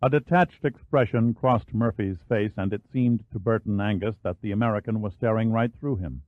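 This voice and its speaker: A male narrator reading a thriller audiobook in measured, even scripted narration with a low voice. The sound is dry and band-limited, close to a phone line. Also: no room sound.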